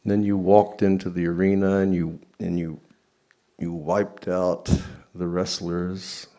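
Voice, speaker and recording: A man's voice: low-pitched, flat delivery, slow, warm tone. A man doing a fond, rambling devoted companion. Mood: reminiscing. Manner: casual, rambling with fillers. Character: devoted male companion, reminiscing fondly.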